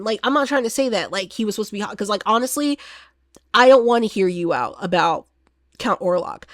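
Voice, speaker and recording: A woman giving a casual, animated vlog review as a horror film reviewer, chatty and laughing often. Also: medium pitch, no echo, clean studio sound.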